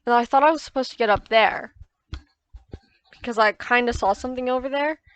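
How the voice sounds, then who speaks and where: A woman's voice: on the high side, fairly quick, clean tone. Chatty woman narrating her gameplay. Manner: rambling, self-correcting, recounting frustrations. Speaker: gaming YouTuber. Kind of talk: casual gameplay voice-over commentary.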